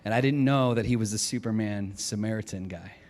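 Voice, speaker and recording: A man preaching as a pastor, telling a story in an animated, lively way in a large church auditorium. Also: lowish voice, fairly quick. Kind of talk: storytelling sermon. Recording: long hall reverb.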